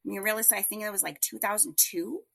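A woman telling her story as a guest in a podcast interview, chatty and animated, with many fillers. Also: mid-range voice, racing, creaky, over a noisy crowd.

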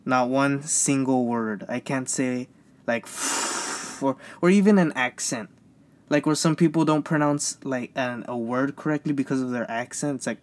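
A man's voice: mid-range voice, moderate pace. A young man rambling in a casual solo podcast, stammering and repeating himself, frustrated and venting. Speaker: podcast host.

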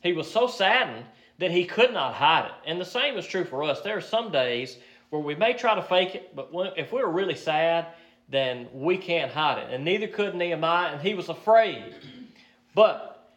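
A man's voice: a little high, expressive, moderate pace, fairly bright tone. A man preaching a sermon, teaching through a Bible passage in a conversational way with frequent fillers and restarts. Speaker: pastor.

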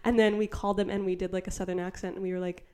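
A woman in her late twenties, a comedian guest on a podcast, telling stories in an animated, dramatic way. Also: medium pitch, rapid-fire, smooth. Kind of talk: casual podcast chat.

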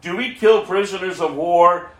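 A man voicing a bold, calm male prophet in a scripture reading, raising his pitch a little for the quotes, in a roomy echo. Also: moderate pace. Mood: firm.

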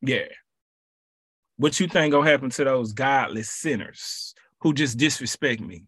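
A man leading a podcast Bible study who preaches in a lively, colloquial way and repeats his phrases for emphasis. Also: mid-range voice, unhurried, breathy edge, no room sound, clean studio sound.

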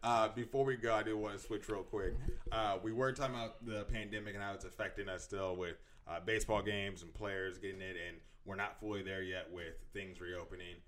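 A man's voice: lowish voice, steady tone, a little fast, fairly bright tone, a little hiss or hum. A man co-hosting a podcast, easygoing and laughing often, telling stories in a casual chat. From California. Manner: easygoing, laughs often, self-described passive aggressive. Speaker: podcast co-host.

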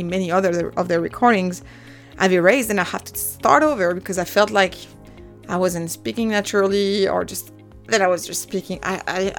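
A woman in her thirties with a French accent, hosting her own podcast in a chatty, self-deprecating way and laughing often. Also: medium pitch. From France. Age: 30s. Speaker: podcast host. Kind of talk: casual solo podcast monologue.

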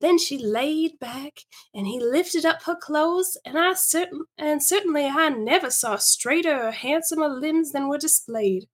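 A prim Victorian young woman, high-voiced, leans in to confide a scandalous tale to her friends, as a woman reads her part aloud. The telling is breathless and gossipy, like a storybook heroine sharing a secret. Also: a little slow. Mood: confiding.

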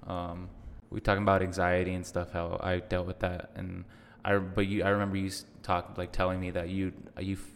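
A man hosting a podcast in a casual, slangy chat, gently prompting his guest with questions. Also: sits low, monotone, a little fast, few pauses, big-room sound, slight background noise. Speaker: podcast host. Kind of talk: casual conversational interview.

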